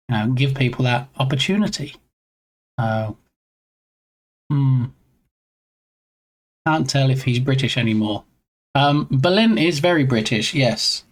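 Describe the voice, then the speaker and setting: A man streaming his game development live, chatting casually with his audience and reading chat in a rambling, joking, playful way into his desk mic. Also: medium pitch. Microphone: own desk mic.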